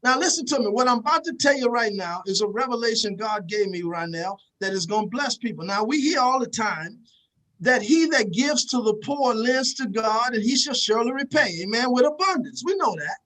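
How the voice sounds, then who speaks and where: A man's voice: extremely high pitch, animated, brisk, fairly bright tone, rough recording. Emphatic man giving a preachy motivational talk. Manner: emphatic, repetitive, addresses the audience directly. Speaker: motivational speaker.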